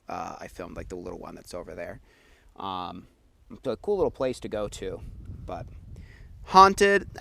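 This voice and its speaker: A man's voice: low voice, gravelly. A man hosting a ghost hunting vlog, talking casually and with wry jokes on location at an outdoor grave site. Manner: wry, joking, offhand.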